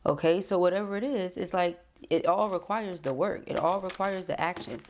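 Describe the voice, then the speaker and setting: A woman's voice: fairly low pitch, normal speed, a little hiss or hum. A woman giving a casual, reassuring tarot reading who talks to the listener as beloved and honey. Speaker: tarot reader.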